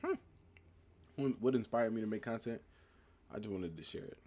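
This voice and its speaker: A man's voice: on the low side, moderate pace. A nineteen-year-old man from the United States, chatting casually on a livestream and answering viewers' comments as he reads them. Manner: relaxed, reading chat comments aloud and answering them. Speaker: livestream host. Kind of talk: casual live-stream chat answering comments.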